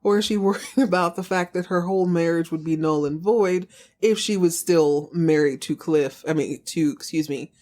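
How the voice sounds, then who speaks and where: Woman host, casual animated recap chat. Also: lowish voice, moderate pace. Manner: chatty, animated retelling with acted quotes and asides. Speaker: podcast host recapping a TV drama.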